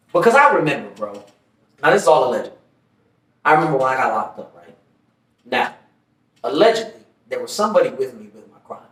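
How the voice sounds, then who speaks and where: A man with a high, lively voice tells stories on a podcast in an animated, profane way. His voice sounds echoey, from a mic some distance away. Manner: animated, profane, laughs while telling stories. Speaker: podcast co-host. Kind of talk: casual chat, storytelling.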